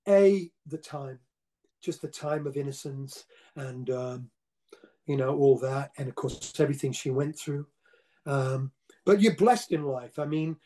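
An older man telling casual, rambling stories as an interview guest, with frequent restarts. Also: on the high side. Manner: rambling, animated anecdotes with repeated restarts. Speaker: interview guest, rock singer. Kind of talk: casual storytelling.

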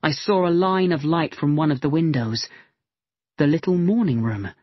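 A man reading a novel aloud in a measured, even storytelling manner. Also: fairly high pitch, breathy edge, no echo. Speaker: audiobook reader. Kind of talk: scripted narration. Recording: dull lo-fi dry recording.

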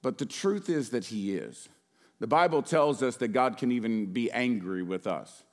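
A middle-aged man preaching a sermon as pastor, swinging between loud outbursts and hushed, earnest passages. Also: mid-range voice, expressive, moderate pace.

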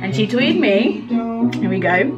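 A woman's voice: mid-range voice, lively intonation, a little slow. A young woman, a university student, chatting casually to her camera in her student kitchen in a gushing way full of "like" fillers. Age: young adult. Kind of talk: casual vlog chat to camera. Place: kitchen in student accommodation, indoors. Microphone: handheld camera or phone. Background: music playing under the voice.

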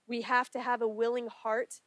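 Woman pastor preaching a sermon, earnest, pleading, slightly raised pitch, dry close sound. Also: level tone, moderate pace, fairly bright tone, no room sound. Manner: earnest, pleading, rising in intensity during prayers. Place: church sanctuary.

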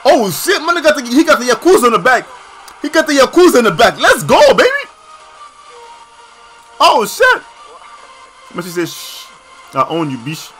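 A young man casually reacting to video clips, slangy and excitable, often bursting into shouts. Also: very high-pitched, fairly quick, faint music behind.

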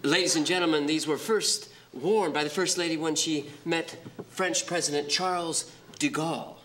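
A comic performer playing an auctioneer who runs bids with brisk patter. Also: medium pitch, fairly even intonation, fairly bright tone, a little hiss or hum. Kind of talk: comic sketch.

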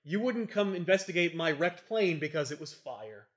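A man voicing a grim masked vigilante in a low, quiet, threatening tone. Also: animated, moderate pace, lightly acted. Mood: menacing.

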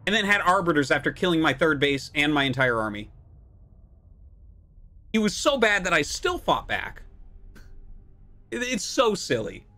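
A man's voice: fairly high pitch, very animated, moderate pace, pauses often, bright, forceful tone. A man in his thirties, a game streamer, ranting at his chat and his opponents with heavy swearing and exasperation. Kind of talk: live-stream commentary while playing.

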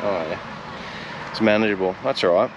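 A man's voice: on the low side, moderate pace, muffled recording. A young Australian man chatting casually in a laid-back way as he vlogs outdoors on a windy day. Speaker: vlogger. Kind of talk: casual vlog chat. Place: outdoors by the road and beach, windy. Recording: outdoor noise from wind and traffic.

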